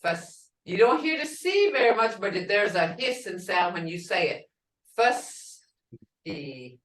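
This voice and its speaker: A middle-aged woman teaching pronunciation, speaking slowly and repeating each word to drill its sounds. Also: medium pitch, a bit bright. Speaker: language teacher. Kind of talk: pronunciation lesson. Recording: echoey room from far off.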